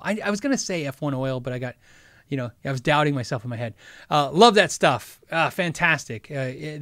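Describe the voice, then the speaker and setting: A man with a somewhat high voice hosts a live guitar gear stream, talking casually and reading chat. He rambles, cracks jokes and interrupts himself often. The sound is dry, with no room echo. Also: fairly bright tone. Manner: rambling, chatty, frequently sidetracked; joking, self-interrupting. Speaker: host of a guitar gear livestream.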